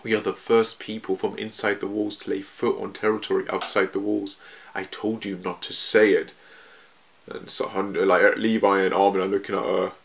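A man's voice: sits low, vocal fry. A man casually reading a manga chapter aloud and reacting to it, quoting the characters and laughing often.

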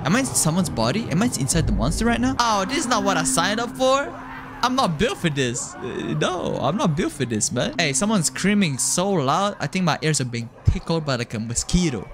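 A man giving jokey, excitable commentary while playing a horror game, often yelping and screaming. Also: high-pitched, moderate pace, noisy background. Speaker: gaming YouTuber.

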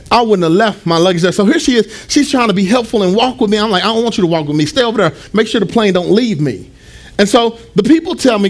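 A male pastor preaching a storytelling sermon, animated, acting out the dialogue in his story. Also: sits high.

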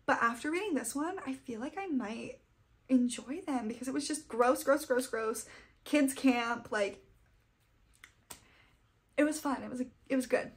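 Speaking high-pitched and unhurried, she pauses often. The young adult woman is a book vlogger chatting casually in a wrap-up, gushing and fangirling over her reads.

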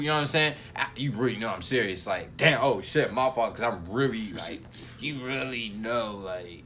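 A young man hosting a reaction video, talking in animated, slangy casual chat. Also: mid-range voice, normal speed, a little hiss or hum. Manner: animated, slangy, keeps saying "you know what I'm saying".

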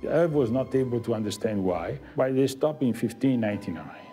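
Italian-accented man, warm low voice, faint music under him. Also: animated, brisk. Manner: earnest, proud, joking. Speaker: interviewee. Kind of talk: casual interview talk.

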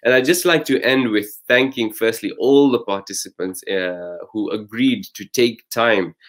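A man's voice: lowish voice, moderate pace. A man hosting and teaching, casually summarizing recitation lessons with frequent fillers and restarts. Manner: explains patiently with many fillers and restarts. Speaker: host and Quran recitation teacher.

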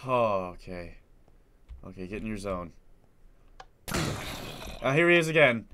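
A young man with a stuffy nose commenting on a horror game, muttering quietly to himself and then suddenly screaming. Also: sing-song, moderate pace, long pauses. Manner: jumpy, swings from low muttering to sudden screams. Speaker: gaming video host.

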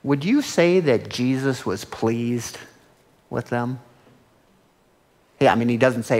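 A man preaching a sermon as pastor, talking conversationally with rhetorical questions and swinging between loud and hushed. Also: medium pitch, animated, takes it slowly, pauses often, in a large hall. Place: church sanctuary.

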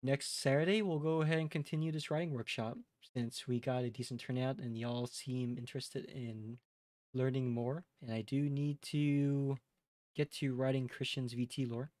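A relaxed streamer with a Midwestern American accent and a medium-pitched voice rambles a little while speaking directly to his chat at a normal speed. The recording is dry and studio quality.

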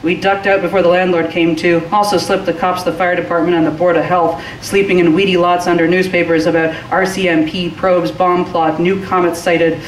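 A woman's voice: lowish voice, little pitch movement, fairly quick, few pauses. A woman giving a live reading of a short story, rolling expressively through long rhythmic lists. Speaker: reader. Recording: roomy and distant from the mic, faint hiss.

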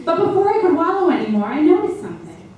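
A young woman, a mother, performing a confessional one-woman stage monologue that moves from exasperated to hushed and tender. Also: extremely high pitch, very animated, fast, muffled recording. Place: stage or hall. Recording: echoey and from far off.

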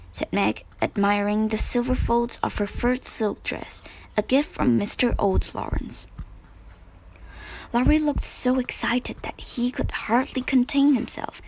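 Slow gravelly woman reading a storybook. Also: a little high, a little mellow, rough recording. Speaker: narrator. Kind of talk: storybook read-aloud.

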